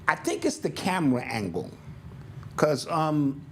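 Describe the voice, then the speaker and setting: An older man co-hosting a podcast in casual chat, telling stories in an animated way and acting out sounds and quotes. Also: on the high side, a little slow, slight background noise. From United States. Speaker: podcast co-host.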